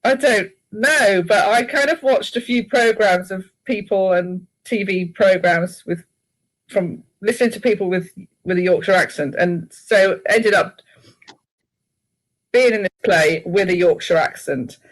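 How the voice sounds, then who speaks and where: A woman guest chatting in an interview, telling lively stories and laughing often. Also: mid-range voice, a little slow, low-quality recording.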